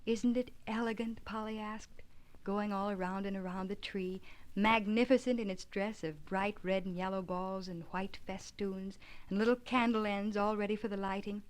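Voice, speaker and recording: A woman reading an abridged children's classic aloud, gently expressive, giving the children's lines a light lift. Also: medium pitch, moderate pace. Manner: gentle, expressive narration with lively dialogue. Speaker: audiobook reader. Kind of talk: storybook reading with light character voices.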